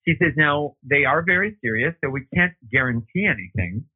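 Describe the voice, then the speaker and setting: A man, a guest who is an opera singer, telling his own story in an excited way and acting out the dialogue. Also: breathy edge. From United States. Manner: excitable, acts out quoted dialogue with big pitch jumps. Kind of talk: animated personal storytelling. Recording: narrow phone-like line.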